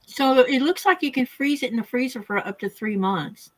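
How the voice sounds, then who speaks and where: A woman's voice: sits high, animated, moderate pace, no echo. Matter-of-fact woman giving practical advice. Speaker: guest in a sewing circle chat. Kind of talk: casual chat.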